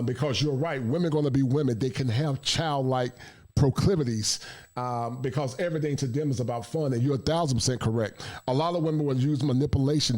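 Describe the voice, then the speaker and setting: A man's voice: mid-range voice, darkish tone. A man working as a therapist who hosts a talk show, speaking in an emphatic, preachy and frank way during a casual discussion. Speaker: podcast host and therapist.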